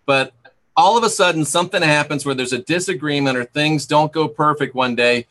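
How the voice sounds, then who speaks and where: A man's voice: a little high, a little fast, fairly bright tone. A man hosting an interview, affirming his guest and asking probing questions. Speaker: host. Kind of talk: conversational interview.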